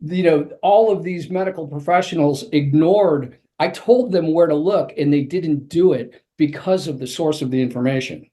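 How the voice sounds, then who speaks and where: A man with a somewhat higher speaking voice recounts a personal experience in a vivid, storytelling way. He is a guest on an interview show, an author and coach talking through events step by step. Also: normal speed, hardly any pauses, warm tone.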